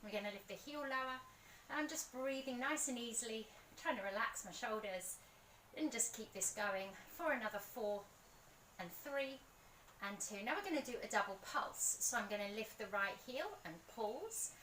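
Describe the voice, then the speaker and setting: A woman guides a pilates workout outdoors, her voice bright and a touch high. She counts reps and offers gentle encouragement. The sound is roomy and distant, with faint ambience behind her. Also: expressive, normal speed, slight background noise. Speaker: pilates instructor.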